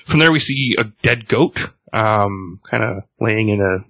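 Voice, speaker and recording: A man's voice: lowish voice, lively intonation, unhurried, a bit bright, dry recording. A man hosting a podcast, recapping a comic book casually, rambling with many fillers and restarts.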